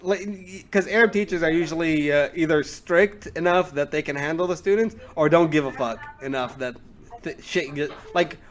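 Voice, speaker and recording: Young male podcast co-host, rambling anecdotes, acts out quotes, slightly high voice. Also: moderate pace, slight background noise. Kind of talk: casual storytelling.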